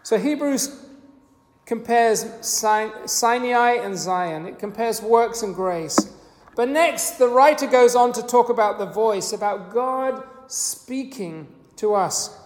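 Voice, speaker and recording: An unhurried preacher who explains scripture in a measured, earnest way and sometimes restarts a phrase. The voice rings through a roomy space, and a long reverb tail trails off each phrase. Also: mid-range voice, animated, a little mellow. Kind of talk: sermon. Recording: echoey hall with long reverb.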